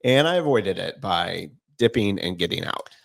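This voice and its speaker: A man co-hosting a podcast, chatting casually and telling animated stories, acting out the voices he quotes and laughing often. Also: sits low, moderate pace, gravelly. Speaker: podcast co-host. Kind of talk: casual chat.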